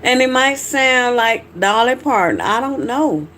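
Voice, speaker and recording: Slightly slow and a bit bright, her high-leaning voice carries lively intonation over slight background noise. The speaker is a middle-aged Georgia woman with a Southern accent, frankly chatting with livestream viewers and responding to their comments.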